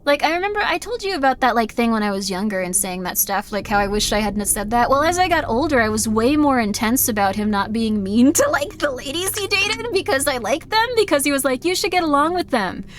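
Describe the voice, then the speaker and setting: A woman's voice: on the high side, animated, a little fast, few pauses, a little hiss or hum. Rambling, candid young woman streamer. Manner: rambling, candid, apologetic, many "like" fillers. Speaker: streamer playing a game. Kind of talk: casual live-stream chat.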